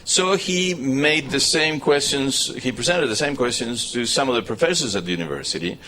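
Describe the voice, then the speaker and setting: A man's voice: mid-range voice, moderate pace, background noise. Spanish-accented man giving a lecture. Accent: Argentine Spanish. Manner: restarts and filler-heavy, animated storytelling. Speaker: university lecturer. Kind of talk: live public lecture.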